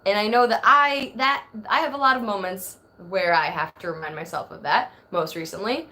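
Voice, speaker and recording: A woman's voice: medium pitch, normal speed, bright, forceful tone. A woman in her thirties chatting casually on a phone live stream, rambling and reading viewer comments aloud. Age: 30s. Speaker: livestream host.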